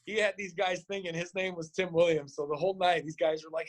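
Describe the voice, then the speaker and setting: Animated storytelling man, higher-pitched. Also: fast. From Nebraska, USA. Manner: animated, acts out quotes with big pitch jumps, swears freely. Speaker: boxing coach, podcast guest. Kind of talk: casual storytelling.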